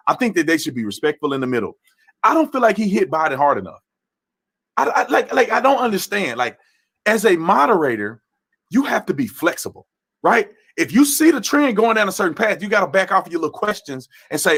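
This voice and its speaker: A man's voice: high-pitched, very animated, a little fast, fairly bright tone, slightly rough. A man hosting a political commentary livestream who talks animatedly and often restarts his phrases. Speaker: livestream host.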